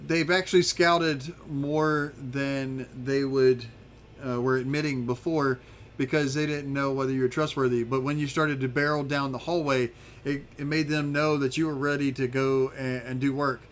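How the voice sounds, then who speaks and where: A man's voice: medium pitch, flat delivery, normal speed, a little hiss or hum. A man narrating as game master of a tabletop game, restarting his sentences often as he talks. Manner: rambling, repeats words when starting a thought.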